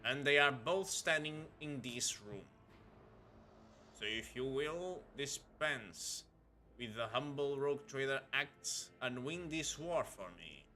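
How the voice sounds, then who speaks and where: A man voicing a stern, scheming Inquisitor who speaks in a measured, formal, persuasive way. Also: medium pitch, expressive, bright, forceful tone.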